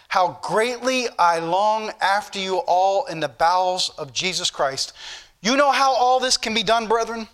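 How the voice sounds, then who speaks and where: A male preacher with a Southern US accent, reading scripture slowly and preaching with emphatic repetition to a church congregation. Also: sits high, pushed and bright. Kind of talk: sermon.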